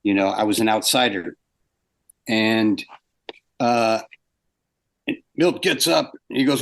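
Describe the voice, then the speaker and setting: An older man who used to be an animator tells a story in an interview, his fairly low, gravelly voice moving slowly with frequent pauses. He's animated, acting out what people said and laughing often as he goes.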